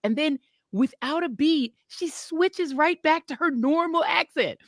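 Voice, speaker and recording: A woman co-hosting a podcast, telling a story in an animated, laughing way. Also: sits high, measured pace, no echo, studio quality. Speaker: podcast co-host. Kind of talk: casual storytelling chat.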